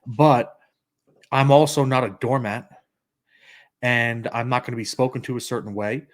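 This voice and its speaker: A man's voice: mid-range voice, steady tone, moderate pace. Blunt middle-aged man, podcast co-host. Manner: blunt, storytelling with acted quotes. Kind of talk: casual podcast conversation.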